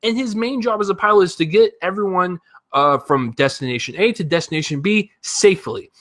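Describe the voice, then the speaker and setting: A man with a bright, forceful, slightly high voice reviews a film off the cuff. He talks in animated bursts, swears freely and rambles through fillers and restarts. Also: a little fast. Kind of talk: casual spoken movie review.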